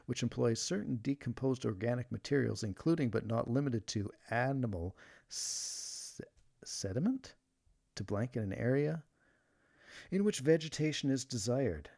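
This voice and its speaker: A man's voice: medium pitch, expressive, normal speed, gravelly, darkish tone. A man hosting a casual livestream, chatting and reading jokes aloud while sleeving trading cards. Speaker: livestream host.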